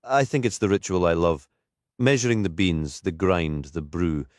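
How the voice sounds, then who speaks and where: A man's voice: low voice, moderate pace, darkish tone, no room sound, studio quality, lightly acted. A man voicing a talkative, friendly middle-aged woman vicar in an audiobook. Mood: chatty.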